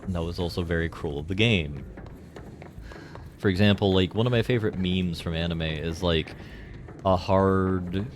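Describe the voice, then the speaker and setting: A man with a deep, low voice talks through a game on a live stream. He rambles loosely from one joke to the next and leans on filler words as he goes. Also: normal speed, pauses often, slight background noise. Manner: rambling and jokey, heavy on fillers. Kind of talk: casual live gameplay commentary.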